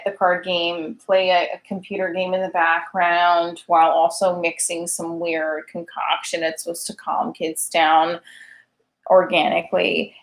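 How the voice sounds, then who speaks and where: Her voice sits on the lower side. She's a single mom in her thirties rambling through a comic monologue, talkative and heavy on fillers, poking fun at herself with sarcastic humor.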